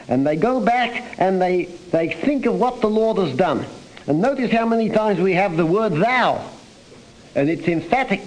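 A man preaches a psalm in an earnest, emphatic way, his voice rising and dropping as he stresses words. His voice sits a touch high for a man. It sounds like an old radio broadcast. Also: a little mellow, slight background noise, low-quality recording. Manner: earnest, rising and falling emphasis, reads scripture aloud. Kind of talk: sermon on a psalm.

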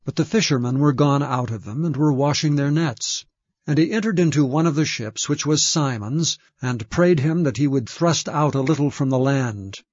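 A man giving a measured, solemn scripture reading. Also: fairly high pitch, darkish tone, dry recording. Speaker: scripture reader. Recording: dull, dry lo-fi recording.

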